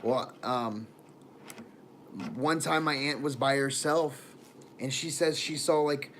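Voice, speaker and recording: A man's voice: mid-range voice, fairly even intonation, slow, a bit bright, slight background noise. A man rambling through casual livestream chat on a phone camera, laughing often and trailing off mid-thought.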